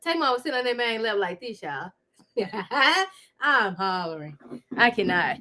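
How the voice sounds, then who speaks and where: A high, lively woman's voice swings up and down as she hosts a live reaction stream from home. She laughs hard and keeps turning to her viewers, and her tone is bright and sharp. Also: unhurried. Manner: loud laughing, animated, talks to viewers. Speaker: commentary host.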